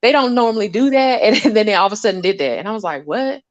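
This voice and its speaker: A woman scientist talking casually about her lab work, animated and often laughing as she acts out conversations. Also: mid-range voice, very fast, no room sound, highs cut off.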